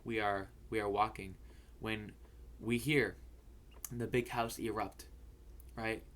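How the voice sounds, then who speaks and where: A man's voice: fairly low pitch, steady tone, takes it slowly, a bit bright. A young man hosting a fantasy football video, telling a story in a rambling way, stammering and repeating words and swearing casually.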